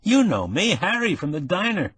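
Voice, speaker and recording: A man's voice: high voice, big pitch swings, moderate pace, husky, no room sound, pitched above the performer's own voice, exaggerated voice. A man doing a brash, eager young guy. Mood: urgent friendly. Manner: loud, eager, breezy slang. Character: friendly, brash younger man posing as a diner worker.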